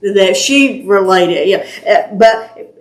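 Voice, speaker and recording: A slow-speaking woman with an expressive, mid-range voice and an East Tennessee Southern accent guides a small-group Bible study. Patient and talkative, she laughs easily, captured in a roomy home recording.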